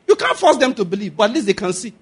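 A man's voice: high voice, big pitch swings, racing, slightly rough. A man with a Nigerian accent preaching a sermon, repeating his points emphatically and chuckling often. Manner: emphatic, repetitive exhortation with frequent chuckles.

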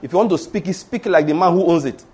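A man's voice: high voice, fast talker, a little mellow, breathy edge. A middle-aged man with a Nigerian Yoruba accent, preaching a sermon in an emphatic storytelling way. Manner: storytelling, emphatic, repeats points. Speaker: pastor.

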